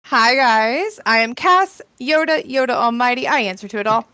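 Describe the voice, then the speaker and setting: A woman putting on the voice of a smug, punchable socialite in a tabletop game, with a slow, affected drawl. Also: a little high, expressive, bright, forceful tone, dry recording. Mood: airy, smug. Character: drawling posh socialite who seems punchable. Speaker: player.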